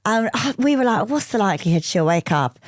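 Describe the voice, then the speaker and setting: A woman hosting a podcast, telling a story in a lively way, laughing and acting out quoted voices. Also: mid-range voice, brisk, no room sound, studio quality. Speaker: podcast co-host. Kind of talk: casual storytelling chat.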